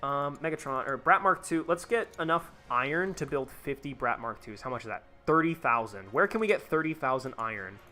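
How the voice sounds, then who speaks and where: Give me a young male streamer rambling casually over gameplay at a middle pitch. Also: lively intonation, fairly quick, hardly any pauses, sharp tone, faint music behind. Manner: rambling, many fillers and restarts. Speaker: live streamer.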